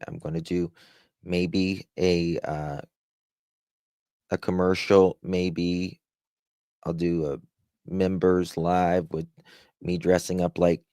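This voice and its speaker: A man's voice: low-pitched, warm tone, dry recording, clean studio sound. A man with a Southern accent hosting a casual live stream, rambling as he reads the chat aloud and thanks viewers. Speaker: livestream host.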